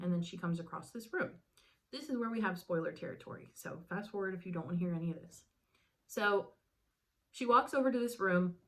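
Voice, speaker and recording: A woman hosting a movie review, retelling the plot in a casual, chatty way and acting out the characters' lines. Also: medium pitch. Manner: chatty retelling, many "like" fillers, acts out lines. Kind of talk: casual spoken movie recap.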